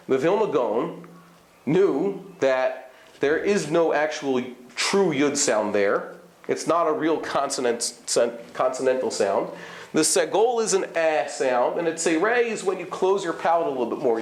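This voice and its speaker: Male rabbi-teacher, slightly high voice, classroom lecture that demonstrates sounds and quizzes the class, echoey hall. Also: animated, moderate pace. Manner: explanatory, questions the class, demonstrates vowel sounds. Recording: echoey room.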